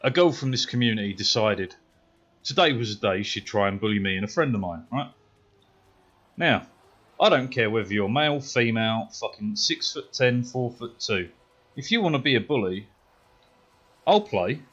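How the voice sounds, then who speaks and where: A British man streaming a game, telling a story in a casual, profane way that grows animated and louder as he gets worked up. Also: medium pitch, moderate pace, pauses often, lo-fi sound. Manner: profane, swears constantly. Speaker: gaming streamer.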